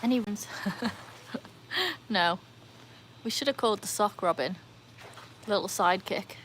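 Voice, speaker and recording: A woman hosting a casual livestream by her pool, chatting excitedly and answering viewer comments. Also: medium pitch, unhurried, slight background noise. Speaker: livestream host. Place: outdoors by a backyard pool. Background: faint outdoor ambience, dogs.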